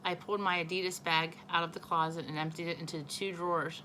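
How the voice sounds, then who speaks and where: A woman teacher reading a children's novel aloud, expressive and correcting her own small slips. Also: lowish voice, quick pace, hardly any pauses, slight background noise, rough recording.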